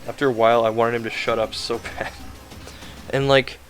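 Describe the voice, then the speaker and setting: A man's voice: medium pitch, level tone, normal speed, faint music behind. A man giving a casual, rambling game review, ranting in an exasperated, sarcastic way with lots of fillers.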